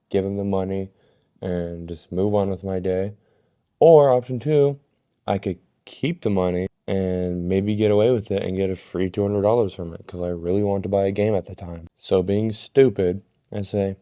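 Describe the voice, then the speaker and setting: Low-voiced young man telling a story. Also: moderate pace, mellow. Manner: casual, profane, self-mocking. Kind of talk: casual storytime.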